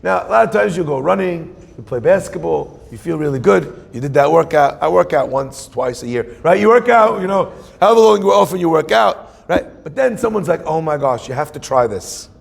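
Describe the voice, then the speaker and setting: A man's voice: a little high, expressive, brisk, creaky, few pauses, breathy edge. A man in his forties, a rabbi, giving a joking, conversational sermon and asking the audience questions. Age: 40s. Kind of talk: humorous sermon. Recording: long hall reverb.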